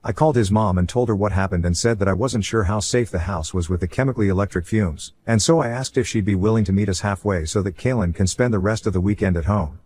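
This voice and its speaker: Low-voiced man reading a story aloud. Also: fast, hardly any pauses, darkish tone, breathy edge. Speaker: story narrator. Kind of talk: reading a first-person online story aloud.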